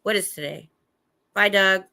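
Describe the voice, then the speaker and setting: A woman's voice: mid-range voice, a little slow, creaky, sharp tone. A middle-aged woman hosting a rambling, casual livestream from home. She chats, often trails off and restarts, and answers viewers' comments as she goes. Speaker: livestream host. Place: at home indoors.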